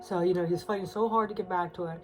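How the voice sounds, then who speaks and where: Talking very fast in a fairly low, steady voice, a woman reads tarot casually while faint music plays and the recording sounds rough. She's emotional and on the edge of crying, confiding with frequent fillers and soft laughs.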